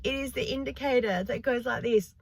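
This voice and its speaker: A woman, chatting casually in a vlog and telling stories in an animated way with frequent laughs. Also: fairly high pitch, a little fast, creaky, breathy edge, no room sound. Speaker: vlogger. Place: in a car.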